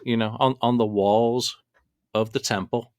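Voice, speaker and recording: A man's voice: medium pitch, steady tone, a little slow, darkish tone, no room sound, clean studio sound. A man co-hosting a podcast in casual chat, wry and wordy, with emphatic phrasing. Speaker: podcast co-host.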